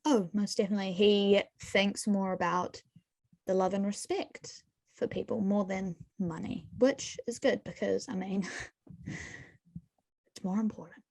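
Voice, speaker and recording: Woman, Australian accent, co-host, rambling casual chat, mid pitch, dry sound. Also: fairly even intonation, measured pace, gravelly, darkish tone, no echo. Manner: chatty, rambling opinions. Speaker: podcast co-host.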